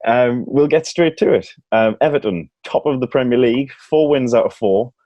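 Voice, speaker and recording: A man's voice: mid-range voice, moderate pace, warm tone, no room sound, muffled recording. A man hosting a casual sports podcast, chatty and self-mocking, laughing often. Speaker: podcast host.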